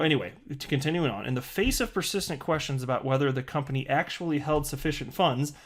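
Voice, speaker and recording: A man hosting a crypto channel, reading a legal document aloud and breaking off for sarcastic, incredulous asides, with frequent restarts and chuckles. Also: mid-range voice. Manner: chuckles often while talking.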